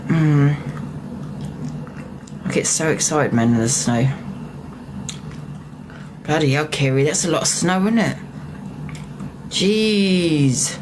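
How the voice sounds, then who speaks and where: Excitable chatty woman livestreaming. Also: deep voice, noisy background. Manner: excitable, chatty, talks straight to viewers. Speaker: live-stream host. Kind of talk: casual live-stream chat.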